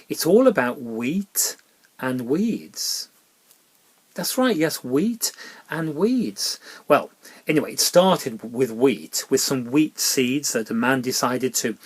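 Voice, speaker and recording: A man presenting a gentle children's Bible talk, coaxing his puppet along in a warm, parental way. His voice sits at an ordinary middle pitch, and he often drops to a hushed whisper for asides. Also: husky.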